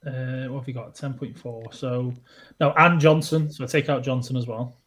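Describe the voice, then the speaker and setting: A man's voice: medium pitch, fairly even intonation, moderate pace, fairly bright tone. A man co-hosting a podcast in casual chat over an online call, giving directions and laughing easily. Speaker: podcast co-host.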